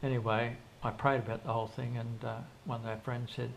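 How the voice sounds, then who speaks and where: As an interview guest telling casual stories, an older man with a gravelly, creaky, mid-range voice recounts his life loosely, voicing both sides of old conversations. He speaks a little fast with little pitch movement, restarting sentences often and circling back, while a faint hum of background noise sits beneath.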